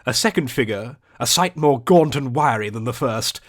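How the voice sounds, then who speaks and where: A man reading an audiobook aloud in a measured, dramatic, atmospheric narrating style. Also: mid-range voice, lively intonation. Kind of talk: scripted storybook narration.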